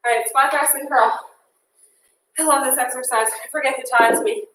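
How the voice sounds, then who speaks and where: Woman fitness instructor, high bright voice, unhurried counting, breathless cheering, echoey room with mic far off. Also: steady tone, slight background noise. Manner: upbeat cueing, counting down and cheering on. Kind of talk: interval workout class.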